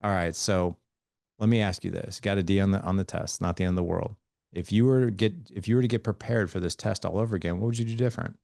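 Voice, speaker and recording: A man's voice: low-pitched, steady tone, quick pace, creaky, a little mellow, dry recording, clean studio sound. A man in his forties, a podcast guest, telling earnest stories about fatherhood and acting out talks with his kids. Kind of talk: conversational interview.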